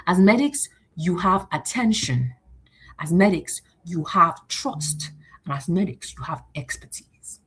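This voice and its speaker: A woman hosting a motivational livestream, rallying her audience with repeated phrases and acting out short exchanges. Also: husky. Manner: animated, repetitive and rallying, acting out exchanges in higher voices. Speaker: host.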